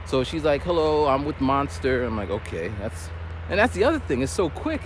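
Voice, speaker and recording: A man walks and talks to the camera outdoors in a casual vlog, his pitch sitting in the middle. He rambles through a story and acts out both sides of each exchange. Faint traffic hums in the background. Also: normal speed. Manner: rambling, animated, with quoted dialogue. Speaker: vlogger. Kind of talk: casual storytelling while walking. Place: outdoors on a street. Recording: faint street noise outdoors. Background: faint traffic noise.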